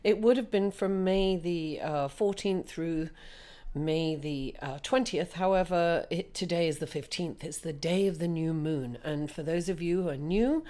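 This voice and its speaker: A woman with a raspy voice, hoarse from being ill, giving a chatty tarot reading and calling her listeners darling. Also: fairly low pitch, unhurried, mellow. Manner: chatty, calls listeners darling and guys, many fillers. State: hoarse from illness. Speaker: tarot reader. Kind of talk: casual tarot reading monologue.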